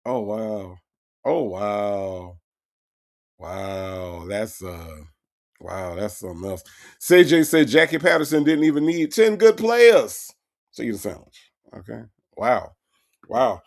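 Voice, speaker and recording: A man's voice: lowish voice, animated, slow pace, gravelly. A man hosting a comedic stream, mocking a phone call in disbelief and reading viewer comments aloud. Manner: incredulous, mocking, repeats lines for effect; reads out viewer chat comments. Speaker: host reacting to a jail call.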